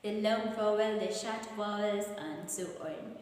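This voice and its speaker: Slow-talking Kenyan woman teacher, echoey room. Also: mid-range voice, darkish tone. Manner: slow, deliberate explaining with repetition. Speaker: English teacher. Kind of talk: exam revision lesson. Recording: very echoey room with long reverb.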